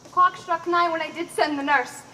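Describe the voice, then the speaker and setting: A woman's voice: very high voice, steady tone, fairly quick, pushed and bright, reverberant, a little hiss or hum, poor audio. A woman acting the part of an eager, impatient young girl in love in a live Shakespeare performance. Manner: impatient, pleading, giggly. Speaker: stage actor.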